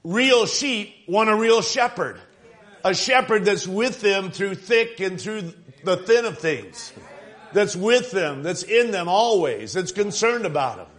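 A man's voice: high-pitched, fairly bright tone. A male pastor giving an emphatic evening sermon, repeating phrases and asking his congregation "right?".

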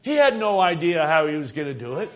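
A man's voice: a little high, very animated, fast, fairly bright tone. An older man preaching a revival sermon, swelling with fervor and acting out quoted voices.

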